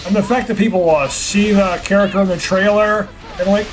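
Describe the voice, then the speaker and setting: A man's voice: sits high, steady tone, a little fast. A man doing gameplay commentary, ranting and sarcastic, poking fun at himself and others. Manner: ranting, self-deprecating, sarcastic asides. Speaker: let's play host. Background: game music.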